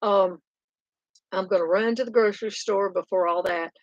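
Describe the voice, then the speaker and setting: A woman's voice: medium pitch, fairly even intonation, moderate pace, no echo, highs cut off. An older woman, hosting a casual live stream chat, reading out comments and rambling through stories. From Oklahoma. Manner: chatty, rambling, laughs often.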